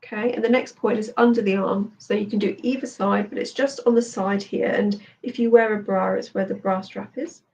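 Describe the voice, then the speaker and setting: A woman therapist and coach leading a guided tapping session, speaking slowly and soothingly as she gives instructions. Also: mid-range voice, steady tone, a little mellow, recorded from a distance, lo-fi sound.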